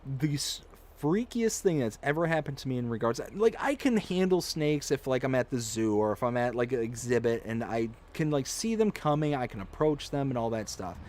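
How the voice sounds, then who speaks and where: Animated man telling stories on a game stream. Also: mid-range voice, normal speed, hardly any pauses. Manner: animated storyteller, acts out his own shrieks. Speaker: livestream host. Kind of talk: casual chat while gaming.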